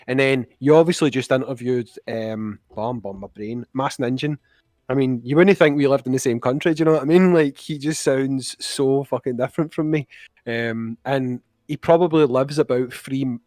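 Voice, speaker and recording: A man's voice: mid-range voice, normal speed, darkish tone, no echo, studio quality. A young Scottish man chatting as a podcast guest, blunt and jokey, swearing freely as he rants. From Scotland. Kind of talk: casual chat.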